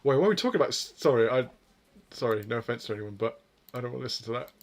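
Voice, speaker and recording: Brief: male streamer, mid-pitched, rambly and sweary, self-mocking while coding. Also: expressive, rapid-fire.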